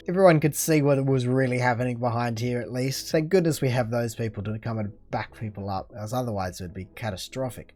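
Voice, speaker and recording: A man talks casually through a reaction video at a mid pitch. He reads online posts aloud and answers them with dry, sarcastic disbelief. Now and then he slips into a mocking voice for the posters. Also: moderate pace, hardly any pauses, a little mellow. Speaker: reaction channel host.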